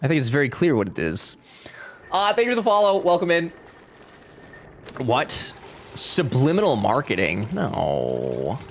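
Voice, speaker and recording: A man's voice: fairly high pitch, sing-song, moderate pace, long pauses, slight background noise. A young man chatting casually while streaming a game, joking and reading chat aloud. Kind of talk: casual gameplay livestream chat.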